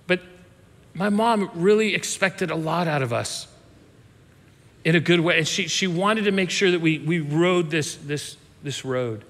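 A pastor in his fifties tells a story from his childhood in an easygoing sermon style, stopping and restarting his sentences as he goes. His voice is high and bright. A long reverb trails behind him, as in a big hall. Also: unhurried. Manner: conversational, self-interrupting with restarts.

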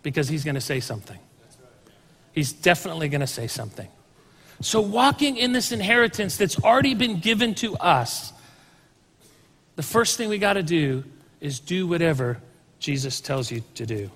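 Pastor, male, conversational sermon voice pitched high, church reverb. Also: animated, moderate pace, bright, forceful tone. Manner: conversational, asks the congregation questions.

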